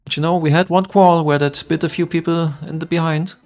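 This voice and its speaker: Casual male stream commentator, slightly high voice, faint game music behind. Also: fast talker. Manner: relaxed, chatty, greets chat. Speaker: tournament commentator.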